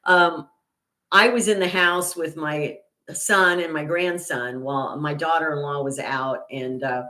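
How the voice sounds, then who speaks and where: An older woman chats away on her own livestream with a lower-pitched voice. She rambles through her thoughts with plenty of fillers and restarts. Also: fairly even intonation, a little slow. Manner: indignant, gets loud and high when retelling an argument. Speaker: channel host. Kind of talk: casual livestream chat.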